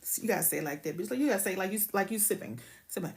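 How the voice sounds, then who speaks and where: A woman's voice: medium pitch, lively intonation, rapid-fire, creaky. Woman going off on her livestream, cussing, calling out chat names. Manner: blunt and profane, greets chat by name. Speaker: livestream host. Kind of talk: casual livestream rant.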